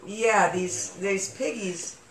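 A man's voice: sits high, takes it slowly, a crowd in the background. Rambling man in an echoey room. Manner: rambling, with many fillers and restarts. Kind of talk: casual podcast chat. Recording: echoey room with faint noise.

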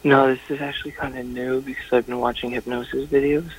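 A man's voice: mid-range voice, little pitch movement, fast, a little hiss or hum, low-quality recording. Nervous hesitant male caller. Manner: nervous, hesitant, quiet short answers.

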